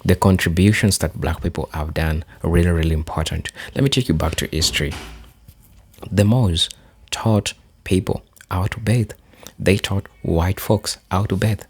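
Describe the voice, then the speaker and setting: A man's voice: low voice, normal speed, a little mellow, husky. A man with a Kenyan accent giving an oratorical motivational address, repeating phrases for emphasis.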